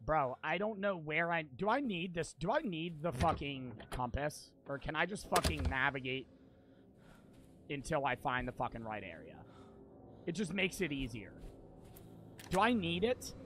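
Young man, gaming streamer, higher voice, swears a lot, repeats lines, audible background noise. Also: lively intonation, moderate pace. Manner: swears constantly, repeats himself, swings between muttering and shouting. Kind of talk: frustrated let's-play commentary.

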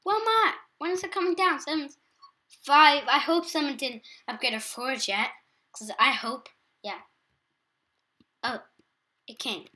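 This gaming YouTuber, an English-accented teenage girl, has a high-pitched, sharp-toned voice and talks at a normal speed. She chats casually as she plays, self-deprecating and talkative.

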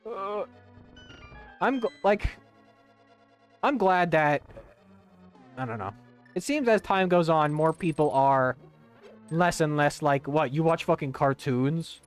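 A man's voice: fairly high pitch, expressive, takes it slowly, pauses often, smooth. A young man streaming a video game, rambling casually with lots of swearing, fillers and restarts. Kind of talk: casual commentary while gaming. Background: faint game music.

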